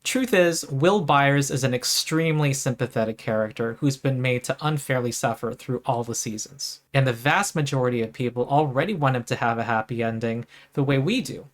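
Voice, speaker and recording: A man reads his own video essay in a steady, earnest way. His pitch sits in an ordinary middle range. He builds a careful argument for his fellow fans. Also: brisk, few pauses. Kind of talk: scripted commentary narration.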